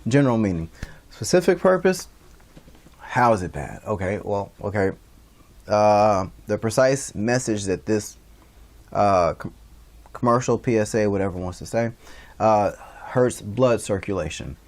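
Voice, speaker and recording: A man's voice: fairly low pitch, animated, measured pace, pauses often. A man teaching a casual class over a stream, rambling, with many fillers and restarts. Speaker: instructor. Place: livestreamed class.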